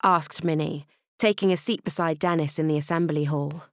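A woman narrating a children's audiobook in an expressive, playful way. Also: deep voice, normal speed, no room sound, clean studio sound.

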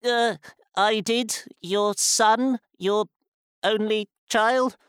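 A woman's voice: mid-range voice, steady tone, very slow, smooth, no echo, studio quality. A woman voicing a cheeky, sarcastic schoolboy, the mayor's son, in a full-cast audiobook.

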